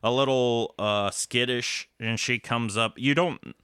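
A man's voice: medium pitch, measured pace, bright, forceful tone, clean tone, no room sound, studio quality. A man casually recapping a movie plot on a podcast, rambling with lots of fillers and restarts. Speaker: podcast co-host.

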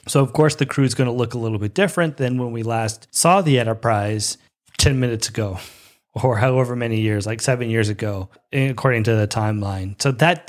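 A young man hosting a show, casually reviewing an episode with bursts of excited, high-pitched enthusiasm. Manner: excitable, breaks into high-pitched squeals of delight.

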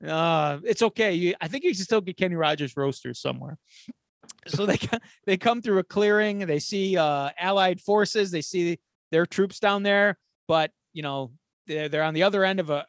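A man with a slightly raised pitch retells a war movie scene by scene in a loose, chatty way. He keeps dropping into the characters' lines as he goes. The sound is dry and close to the mic. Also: no echo. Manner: animated storyteller acting out quotes with swearing. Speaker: podcast co-host. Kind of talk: casual retelling of a film plot.

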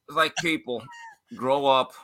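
A male sports writer giving opinionated commentary on a talk show, talking in quick bursts. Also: mid-range voice, sharp tone. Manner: opinionated, fast bursts, quoting others in put-on voices.

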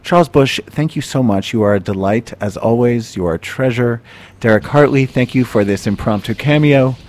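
Man, podcast host, mid-pitched voice, playful and teasing. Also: a little mellow. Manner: playful, teasing, quick questions. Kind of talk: casual interview chat.

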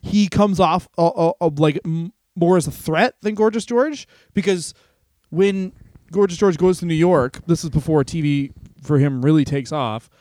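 Podcast dude rambling thru a story, laughs a lot, kinda high voice, super dry mic. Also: male voice, moderate pace, a little mellow, dry recording. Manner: rambling, laughs often, frequent restarts. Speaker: podcast co-host. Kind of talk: casual comedic chat.

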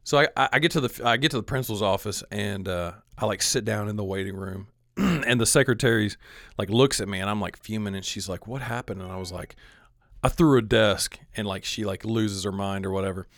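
A man's voice: fairly low pitch, fast, fairly bright tone, no room sound, studio quality. A young man telling a story in casual chat, rambling with lots of fillers and frequent swearing. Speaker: podcast co-host telling a story.

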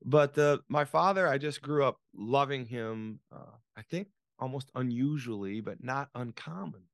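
Speaking in a mid-range voice at a moderate pace, a podcast guest in his sixties tells a story with dramatic flair, frequently restarting and repeating himself. He works as an author and business coach, and the studio recording has no echo.

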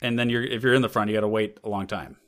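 A man's voice: lowish voice, fairly even intonation, rapid-fire, fairly bright tone. A man co-hosting a podcast in casual comedic chat, riffing on ideas and laughing often. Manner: playful, laughs often, riffs on bits. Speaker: podcast co-host.

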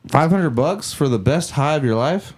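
Young guy cohosting a podcast, kinda high voice, super bouncy delivery, crude jokey chat. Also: expressive, normal speed, darkish tone. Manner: joking, crude, laughs often. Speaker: podcast co-host. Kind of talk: casual chat.

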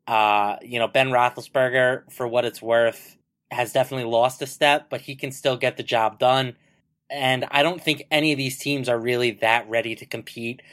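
A man co-hosting a sports betting podcast, giving relaxed analysis with lots of fillers. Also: medium pitch, smooth. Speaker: podcast co-host. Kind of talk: casual sports betting chat.

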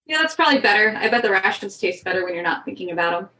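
A woman's voice: medium pitch, animated, rapid-fire, sharp tone. Upbeat female player, chatty, room echo around her voice. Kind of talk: tabletop role-play.

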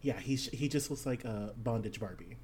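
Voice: mid-range voice, brisk, very noisy. A player describing a costume in a hesitant, casual way with fillers.

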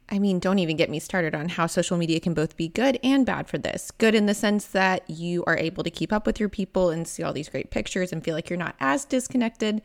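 A woman's voice: lowish voice, a little fast, vocal fry, hardly any pauses. Chatty Southern American woman podcaster. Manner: chatty, candid, animated storytelling. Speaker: podcast host. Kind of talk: casual solo podcast talk.

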